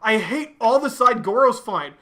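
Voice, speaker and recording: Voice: medium pitch, expressive, moderate pace, sharp tone, a little hiss or hum. A podcast co-host in casual chat, ranting with exasperation and lots of swearing. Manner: profane, exasperated ranting with acted quotes.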